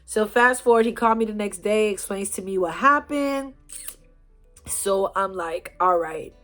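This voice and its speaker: A woman telling a personal story to her viewers in a chatty, animated way. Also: medium pitch, a little slow, soft background music. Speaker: storyteller, channel host. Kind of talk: casual storytime vlog.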